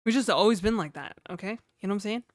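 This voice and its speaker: Her voice medium-pitched and rapid-fire, a New Brunswick woman chats loosely on a livestream, often joking and laughing. The recording is dry.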